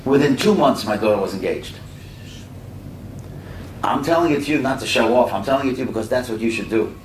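A man's voice: animated, a little fast. A middle-aged man giving a conversational storytelling sermon, full of asides to his listeners. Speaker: speaker at a religious community talk. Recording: echoey room from a distance, faint rumble.

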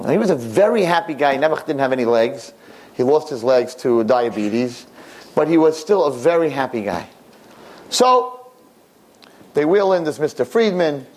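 A man telling a story aloud in an animated, conversational way, with casual restarts. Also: fairly high pitch. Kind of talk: oral storytelling.

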